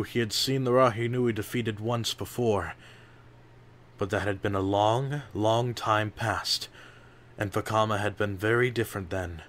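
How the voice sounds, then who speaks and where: A man reading an adventure audiobook aloud in slow, measured narration. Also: fairly low pitch.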